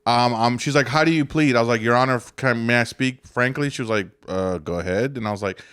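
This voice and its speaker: A man's voice: medium pitch, fairly even intonation, fast talker, a bit bright, clean tone, no echo, studio quality. A man on a podcast, telling a story in casual chat and acting out what other people said, swearing often. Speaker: podcast co-host.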